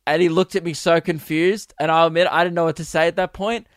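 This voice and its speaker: A young Australian man, a comedian hosting his podcast, telling a rambling story in a crude, self-amused way with bursts of loudness. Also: on the high side, steady tone, fast talker, no room sound, studio quality. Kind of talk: casual storytelling monologue.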